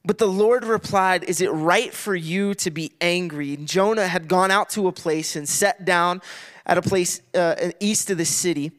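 High-voiced man telling a Bible story casually. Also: normal speed, fairly bright tone. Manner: playful, acts out voices, laughs often, many restarts.

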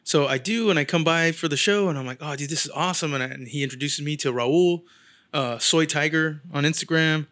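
Brief: man, slightly higher voice, casual storyteller, animated, acts out quotes. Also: fairly quick. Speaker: guest artist.

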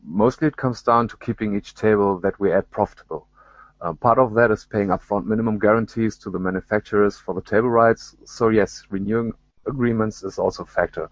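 A man voicing a male pinball company boss with a put-on American accent, reading written answers in a measured, businesslike way. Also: on the low side, no echo, lo-fi sound.

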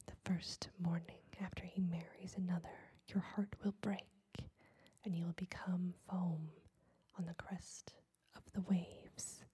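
A woman's voice: fairly low pitch, little pitch movement, slow pace, mellow, breathy edge, heavily acted. A woman whispering a cruel sea witch. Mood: mocking menace. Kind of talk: whispered role-play.

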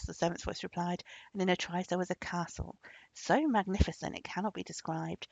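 A woman narrating a storybook as a storyteller, with expressive, lively intonation, on a dull lo-fi recording. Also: fairly low pitch, fairly quick, gravelly, dry recording.

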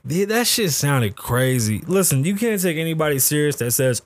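A man's voice: a little high, lively intonation, normal speed, no room sound. A middle-aged man hosting a podcast, talking in a blunt, ranting, heavily profane way, with a close podcast mic. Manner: blunt, ranting, heavy swearing. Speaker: podcast host. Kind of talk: casual profane commentary.

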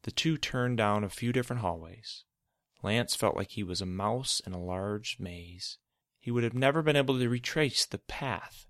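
A man with a very low voice reads a fantasy story aloud at an even, measured pace. His tone is forceful and bright-edged despite the depth. The recording is close and completely dry. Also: no room sound. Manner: steady, measured read-aloud delivery. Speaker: narrator. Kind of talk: storybook narration.

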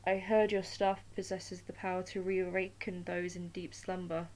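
A woman's voice: fairly low pitch, level tone, normal speed, a little mellow, natural voice. A nervous young male thief from a storybook tale, as a woman reader puts him on. He stammers and hurries over his words, humble and anxious before a god.

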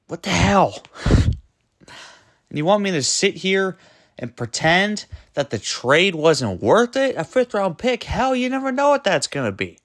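A male podcast host delivers a loose, rambling rant that keeps stumbling and correcting itself. His somewhat high voice swings widely in pitch as he hammers his points home. The sound is close and dry. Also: no echo. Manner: exasperated and emphatic, with frequent rhetorical questions; loose and rambling, trips over words and self-corrects. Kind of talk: solo sports podcast rant.

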